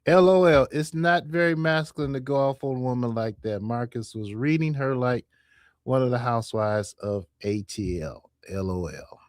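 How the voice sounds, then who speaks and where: A man's voice: mid-range voice, normal speed, dry recording. Dry-voiced male stream host. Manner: casual, bantering, prompting callers. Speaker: show host. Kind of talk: live stream call-in hosting.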